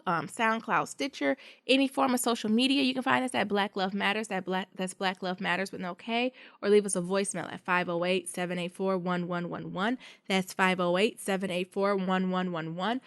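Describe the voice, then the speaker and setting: A woman co-hosting a casual podcast in a relaxed, chatty way. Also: mid-range voice, no echo, clean studio sound. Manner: conversational, relaxed, reads out contact details. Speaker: podcast co-host.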